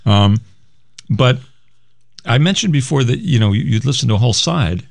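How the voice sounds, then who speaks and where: A man's voice: mid-range voice, expressive, moderate pace, creaky, no room sound. A man co-hosting a music radio show, chatting casually and rambling as he reads out old album liner notes. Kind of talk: casual chat about music records.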